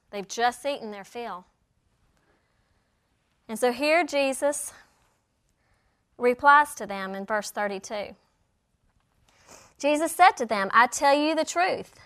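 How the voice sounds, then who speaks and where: A woman teaching a Bible lesson, acting out the quoted lines with lively storytelling. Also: on the high side. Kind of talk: sermon.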